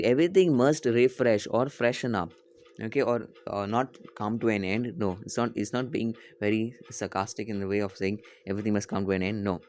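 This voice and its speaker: Man slowly teaching a French poem. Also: lowish voice, darkish tone. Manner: reads slowly, repeats and translates each line, self-corrects.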